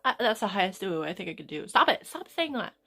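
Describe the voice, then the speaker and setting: A woman's voice: mid-range voice, very animated, fast talker, fairly bright tone. A woman live streamer rambling in casual chat as she talks to her viewers. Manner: rambling, chatting with chat, drifting off-topic.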